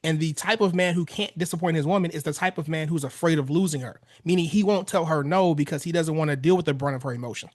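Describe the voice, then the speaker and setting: A man's voice: fairly high pitch, fast, hardly any pauses, no echo, studio quality. A man in his thirties, a relationship coach giving blunt, casual advice on a podcast and swearing freely. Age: 30s.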